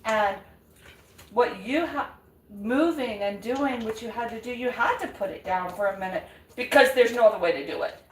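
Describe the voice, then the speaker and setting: Older woman, rambling encouraging live chat, slightly high voice, roomy kitchen echo, a bit away from the mic. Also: normal speed, recorded from a distance. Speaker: vlog host. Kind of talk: live chat while cooking. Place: home kitchen. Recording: echoey room, away from mic.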